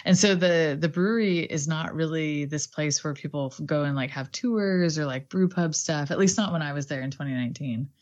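A woman's voice: deep voice, a little fast, hardly any pauses, darkish tone, lo-fi sound. A woman co-hosting a casual podcast chat, chatty and laughing often, swearing now and then. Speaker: podcast co-host.

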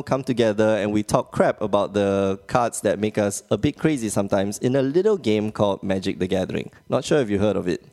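A man's voice: fairly low pitch, fairly quick, few pauses, a little mellow. A man from Malaysia hosting a casual podcast, joking and rambling with frequent laughs. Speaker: podcast host.

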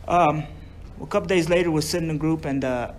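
A man's voice: on the high side, a little fast, slight background noise. A man with a drawl telling a long recovery story, profane and loose, acting out what others said to him. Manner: profane, drawling, acts out quoted voices. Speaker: speaker sharing recovery story. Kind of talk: storytelling to a group.

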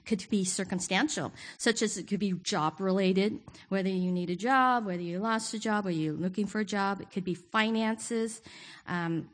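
A woman's voice: mid-range voice, moderate pace. A woman giving a sermon to her church, candid and self-deprecating, often laughing. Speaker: guest preacher. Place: church sanctuary.

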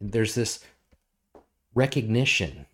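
A man's voice: lowish voice, very animated, takes it slowly, fairly bright tone, husky. A man preaching a sermon as pastor, earnest, repeating words for emphasis and reading scripture aloud with rising intensity.

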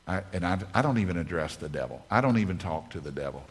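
A man's voice: low voice, animated, fast. A man preaching a sermon at a conference, emphatic, repeating key phrases over and over. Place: conference stage.

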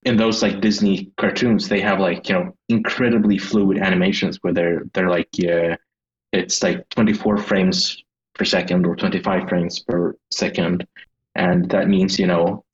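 Deep-voiced man with a Swedish accent. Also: flat delivery, moderate pace, dull audio. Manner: hesitant, searching for words. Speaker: guest game designer. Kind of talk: casual interview chat.

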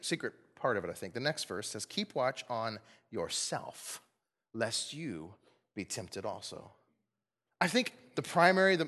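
Male pastor, sermon delivery, very animated pitch, echoing sanctuary. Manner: animated, swings from emphatic highs to soft low asides. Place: church sanctuary.

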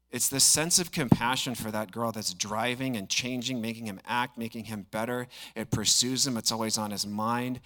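A young man preaching a sermon as a pastor, conversational but rising suddenly in pitch and volume for emphasis. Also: sharp tone.

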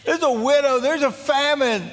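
Animated male pastor in a reverberant hall. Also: very high-pitched, moderate pace. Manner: animated, jokey storytelling that acts out scripture quotes. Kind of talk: sermon.

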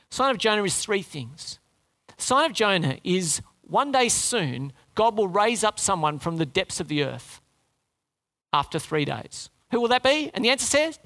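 A man preaching a sermon to his congregation, animated, his voice climbing high for emphasis and dropping low and soft for prayer. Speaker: pastor.

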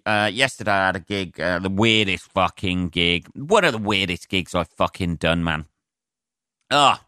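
A man's voice: low-pitched, bright, forceful tone, clean tone, no echo, studio quality. A man hosting his own podcast, ranting sarcastically with lots of swearing, rambling asides and fillers. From England. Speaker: comedian podcast host. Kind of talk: solo comedic rant.

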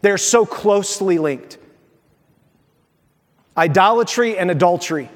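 A man preaching a sermon as pastor, animated and playful, acting out little dialogues. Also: sits high, a little slow. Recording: long hall reverb.

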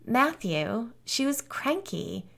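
A woman's voice: a little high, very animated, slow pace, creaky, a bit bright, pitched above the performer's own voice, exaggerated voice. A woman voicing a cheerful, murderous woman camp counselor who speaks in a sweet, sing-song voice with a sinister edge. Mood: chirpy sinister.

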